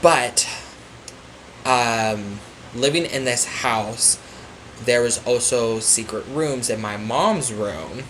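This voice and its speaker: A man's voice: mid-range voice, takes it slowly, a bit bright, a little hiss or hum, rough recording. Rambling man telling a story. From Florida. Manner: rambling storyteller, many fillers and restarts. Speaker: podcast guest, psychic medium. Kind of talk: casual chat.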